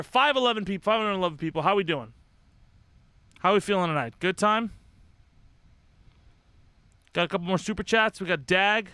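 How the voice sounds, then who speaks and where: Young male streamer, high bright voice, sweary and fired up, dry close sound, casual rambling delivery. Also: animated, brisk, pauses often, clean tone, no room sound. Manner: profane, impassioned, rambling with restarts. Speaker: livestream host. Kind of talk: casual livestream commentary.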